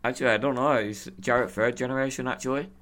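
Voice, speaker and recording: A hoarse man co-hosting a podcast, rambling, swearing and laughing in casual chat. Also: medium pitch, fairly even intonation, fast talker, a bit bright. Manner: rambling, profane, laughing often. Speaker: podcast co-host.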